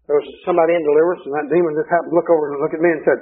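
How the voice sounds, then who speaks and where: A man's voice: fairly high pitch, level tone, racing, breathy edge, narrow, tinny audio. A male preacher delivering a sermon through folksy, humorous storytelling.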